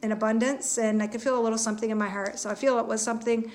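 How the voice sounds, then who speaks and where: A woman hosting a live spiritual reading, talking earnestly in halting, repetitive phrases with many fillers and restarts. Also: on the high side, fairly even intonation, darkish tone, slight background noise. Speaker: intuitive reader and host.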